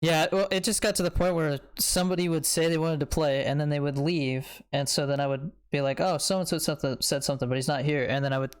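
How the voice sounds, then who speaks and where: A young adult man hosting a podcast, telling quick laid-back stories in casual chat. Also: a little high, steady tone, smooth. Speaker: podcast host.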